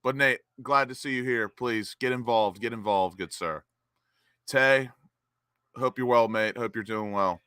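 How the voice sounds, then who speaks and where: A young man hosts a live football watch-along stream. His voice is bright and forward, and the sound is close and dry. He chats with viewers, then bursts into excitement whenever the play picks up. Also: medium pitch, unhurried, clean tone, no room sound. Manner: excitable, reads chat names and cheers goals.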